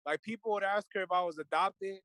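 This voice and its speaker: Earnest man with a high voice, fillers. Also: fairly even intonation, brisk, pushed and bright, rough recording. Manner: earnest, emotional, many fillers and restarts. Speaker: guest. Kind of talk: casual discussion.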